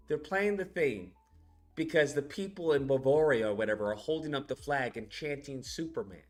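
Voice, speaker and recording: A man's voice: mid-range voice, normal speed, soft background music. A man casually recapping a movie in a rambling, crude rant full of fillers. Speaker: movie reviewer. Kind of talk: casual ranting film recap.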